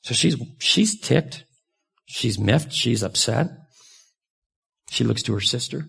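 A pastor preaching in a loose, conversational way, his voice heavy with gravel and grit. The tone runs husky and a little rough, and now and then he leaps upward in pitch for emphasis. It is a man speaking frankly to a congregation. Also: takes it slowly, long pauses. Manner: conversational and candid, with sudden lively jumps in pitch. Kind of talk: sermon.

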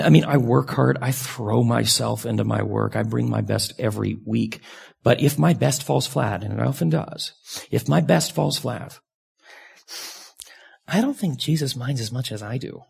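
Man, pastor, sermon, conversational, gravelly fry, raspy, sudden pitch jumps. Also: moderate pace, a little mellow. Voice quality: gravelly and husky.

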